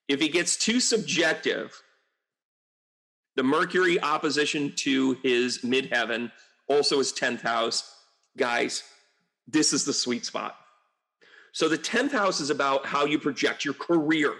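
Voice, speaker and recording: A man's voice: on the high side, a bit bright. Joking, rambling astrologer man. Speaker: astrologer and medium. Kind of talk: casual astrology reading on video.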